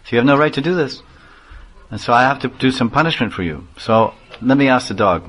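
A man's voice: mid-range voice, a little fast, fairly bright tone. A man, a spiritual teacher, giving a chatty sermon full of stories and laughter. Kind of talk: sermon with storytelling.

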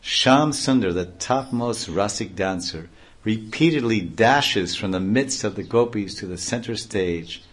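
A man's voice: lowish voice, animated, measured pace. A man giving a devotional reading aloud, breaking off into offhand comments and explanations. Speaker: reader and speaker.

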